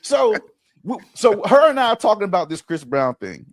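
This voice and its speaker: A man with a high, very lively voice tells stories in a loose podcast chat, swearing freely and acting out every quote. The sound is dry and close, with no room around him. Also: normal speed, no room sound. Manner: profane, animated, acts out quotes. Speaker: podcast host. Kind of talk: casual storytelling chat. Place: studio.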